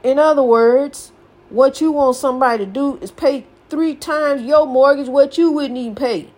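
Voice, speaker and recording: A woman's voice: high voice, normal speed, darkish tone. An older woman hosting a podcast, giving a folksy, preachy motivational talk and repeating her phrases for emphasis. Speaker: podcast host.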